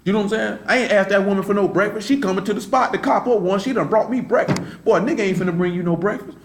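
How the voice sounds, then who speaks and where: A man preaching in loose, slangy storytelling fashion, his voice sitting a little high for a man. He keeps checking in with his listeners as he talks. The sound has a noticeable room echo. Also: rapid-fire, noisy background. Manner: loose slangy storytelling, keeps asking "you know what I'm saying". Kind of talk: informal street-talk sermon. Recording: roomy live-stream sound.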